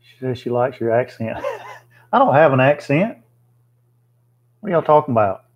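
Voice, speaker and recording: A man's voice: mid-range voice, sing-song, normal speed, lo-fi sound. A man hosting a casual livestream, chatting plainly with viewers and thinking aloud with fillers. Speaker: livestream host. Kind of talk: casual live chat reading viewer comments.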